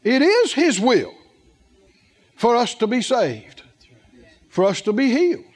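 Male preacher, sermon, high voice, swooping animated pitch, questions to the congregation. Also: takes it slowly. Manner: asks the congregation questions and repeats words for emphasis.

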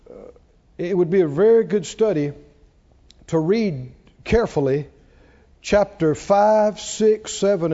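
A man preaching a sermon to a congregation, slow and measured, building up to shouted exclamations. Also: on the high side. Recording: dull lo-fi recording.

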